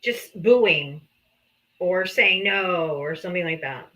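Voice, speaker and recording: A woman, a mother, hosting a live political talk stream in casual, animated chat, swearing freely. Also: fairly low pitch, slow, poor audio. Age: adult mother. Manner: animated, swears freely, slips into comic voices.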